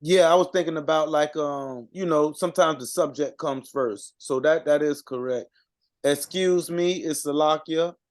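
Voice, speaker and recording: A man giving an informal language lesson, reading out word lists and sounding out words with halting pauses and fillers. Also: on the high side. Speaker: co-presenter reading out vocabulary.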